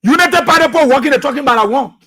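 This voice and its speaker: Liberian guy on talk radio, preachy and fired up, real high bright voice. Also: very fast. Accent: Liberian English. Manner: impassioned, preachy, repeats phrases, shouts at times. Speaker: radio talk show host. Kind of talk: fiery political radio commentary.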